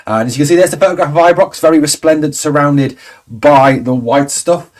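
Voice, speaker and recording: A man in his forties with a fairly high, slightly mellow voice hosts a fan channel livestream at a brisk pace. He chats casually and rambles through viewer comments, tossing in exasperated asides.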